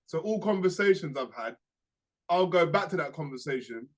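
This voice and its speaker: Animated young man telling a story. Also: on the high side, normal speed. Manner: animated, acts out quoted voices, slangy. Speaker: podcast co-host. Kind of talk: casual storytelling chat.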